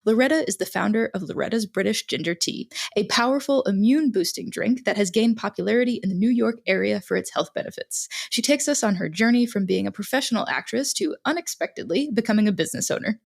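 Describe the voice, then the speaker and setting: A woman's voice: medium pitch, quick pace, creaky, few pauses. A woman hosting a podcast, reading a polished, enthusiastic intro and then asking interview questions. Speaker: podcast host.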